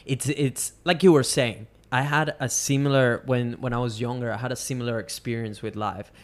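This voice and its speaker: A man hosting a podcast, speaking in a soft, reflective way in casual conversation. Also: mid-range voice, fairly even intonation, moderate pace. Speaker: podcast host.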